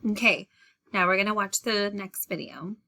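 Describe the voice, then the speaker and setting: A woman's voice: mid-range voice, normal speed. A woman teaching a lesson to young children, patiently guiding them and repeating key phrases. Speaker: elementary school teacher.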